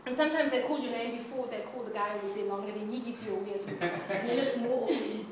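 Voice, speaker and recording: A lively woman preacher with a high voice talks fast, playfully quizzing her congregation and laughing often during an interactive sermon. She's captured by a distant mic in an echoey church hall, with background hiss.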